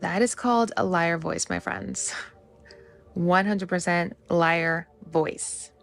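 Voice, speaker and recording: A woman's voice: lowish voice, takes it slowly, gravelly. A woman giving sarcastic commentary, mocking the man in the clip. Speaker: host. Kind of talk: commentary voice-over.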